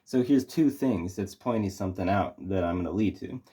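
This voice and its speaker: A man's voice: deep voice, fairly quick, mellow, breathy edge. A young man reviewing a movie in casual chat, rambling with lots of fillers and restarts.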